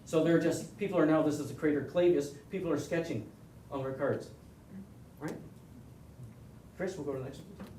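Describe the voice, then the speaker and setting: A man's voice: a little high, normal speed, pauses often, dark tone. A man with a Canadian accent giving a casual, rambling presentation to a club audience, with joking asides and frequent restarts. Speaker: presenter at an astronomy club meeting. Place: meeting room. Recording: echoey room, voice from far off, faint hiss.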